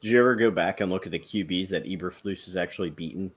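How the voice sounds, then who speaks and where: Deep-voiced man breaking down football. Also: fast talker, slightly rough. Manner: analytical, quizzes the others. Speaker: podcast co-host. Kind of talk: casual sports chat.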